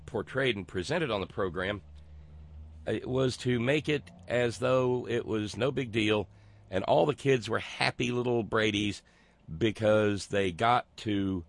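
Guy hosting a talk show, slow and sarcastic, lots of uhs and ums, dry close sound. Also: lowish voice, no echo. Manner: sarcastic, halting with many fillers. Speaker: host. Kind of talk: casual commentary.

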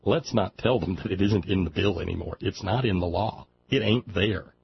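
A gravelly, low-voiced man from Alabama speaks at a moderate pace while hosting talk radio, reading out a news story and tossing in mocking, sarcastic remarks. It's sardonic commentary, heard through audio with cut-off highs and a little hiss or hum.

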